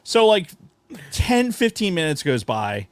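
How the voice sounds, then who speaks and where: A man in his thirties spins a rowdy, profanity-laced anecdote, his voice leaping up and down in pitch as he acts out the moments. The recording is close and dry, with no room sound. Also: unhurried, clear, resonant tone, dry recording. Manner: profane, animated storytelling with yelled sound effects. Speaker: podcast co-host. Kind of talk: casual chat.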